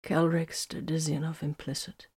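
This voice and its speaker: Woman doing a weak male soldier, faint, whispery, slurring, low, storybook reading. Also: steady tone, slow, darkish tone, husky, dry recording, clean studio sound, heavily acted. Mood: strained. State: barely able to speak. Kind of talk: audiobook character voicing.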